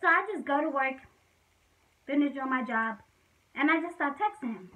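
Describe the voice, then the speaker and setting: A woman's voice: high voice, lively intonation, moderate pace, pushed and bright, far from the mic, poor audio. A young woman casually telling a personal story to the camera, chatty and full of fillers. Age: young adult. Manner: chatty, fillers like "like", frequent laughs.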